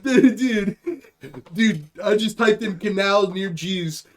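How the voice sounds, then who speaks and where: A man's voice: high voice, slow pace. A young man co-hosting a comedy podcast, riffing in casual chat and acting out silly bits. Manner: riffing, acts out silly bits with put-on voices. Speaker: podcast co-host.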